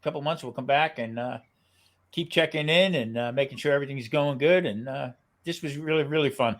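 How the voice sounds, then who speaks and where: A man's voice: mid-range voice, fairly quick. A man hosting a podcast, signing off in a casual, friendly way with loose filler words. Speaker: podcast host.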